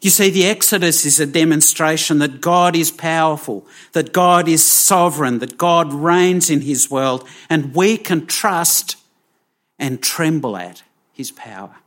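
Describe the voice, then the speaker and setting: A man preaching a sermon, slow and emphatic, with dramatic pauses. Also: fairly high pitch, fairly bright tone.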